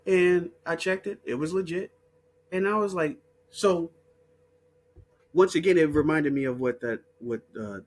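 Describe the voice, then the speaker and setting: A man hosts his own video with a slightly high voice, delivering a heated, profane monologue packed with repeated words and restarts. There's a bit of background noise in this casual talk.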